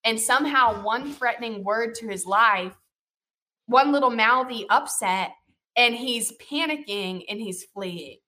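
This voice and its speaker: Speaking a little slowly in a voice on the high side, a woman retells a Bible story as a lesson in a chatty, animated style with lively emphasis. She scatters "you know" and "like" throughout and keeps asking "right?" and "okay?".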